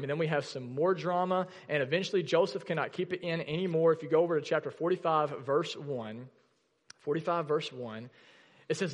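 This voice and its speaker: Man preaching in a reverberant church. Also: on the high side. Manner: conversational preaching, reads scripture aloud, asks the congregation questions. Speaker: pastor. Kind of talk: sermon. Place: church sanctuary.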